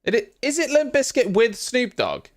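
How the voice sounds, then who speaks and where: Rambling male stream host, lively pitch. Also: normal speed. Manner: rambling, self-mocking, chatty. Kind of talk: casual live reaction commentary.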